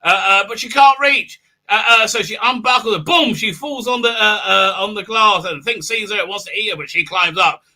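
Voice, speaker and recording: Bright-voiced man recapping a show. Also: sits high, brisk, few pauses. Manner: rambling, filler-heavy, jumps into silly character voices. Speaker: host of a fan commentary livestream. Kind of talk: casual recap with mocking impressions.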